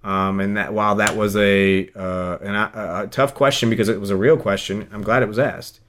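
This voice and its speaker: There's slight background noise as this thirty-something radio host and podcast co-host talks at a moderate pace in a lowish, steady, slightly bright voice. The casual chat is emotional and rambling, with many restarts.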